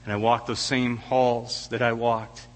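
A man's voice: mid-range voice, flat delivery, unhurried. Emotional male preacher in a reverberant church. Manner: emotional, stammering restarts. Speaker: guest preacher. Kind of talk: sermon. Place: church sanctuary.

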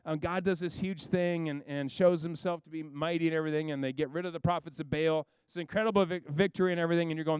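A man preaching a sermon, telling a Bible story in a lively way and acting out its characters. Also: fairly high pitch, quick pace, few pauses, clean tone, no room sound. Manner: animated storytelling, acts out biblical figures with a raised voice.

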